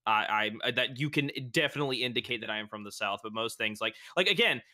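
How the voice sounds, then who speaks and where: A man's voice: medium pitch, expressive, quick pace, bright, forceful tone. A man from rural North Carolina chatting casually as a stream guest, rambling with many restarts. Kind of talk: casual chat.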